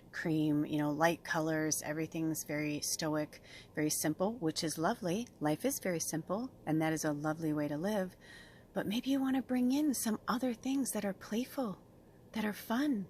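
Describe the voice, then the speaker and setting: A woman giving a spiritual card reading as host, talking in a gentle, affirming way that rambles with fillers. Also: lowish voice, a little hiss or hum. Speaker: tarot and oracle card reader.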